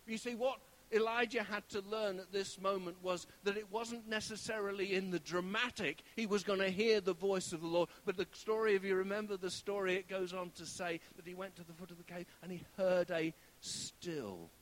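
A man preaching a sermon, telling a story with animated shifts and sometimes dropping to a hushed whisper. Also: high voice, fairly quick, few pauses.

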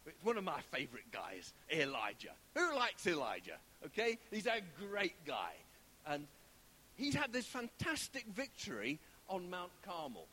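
Animated preacher, high lively voice. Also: male voice, slight background noise. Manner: animated storytelling, drops to a hushed whisper for God's voice. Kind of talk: sermon.

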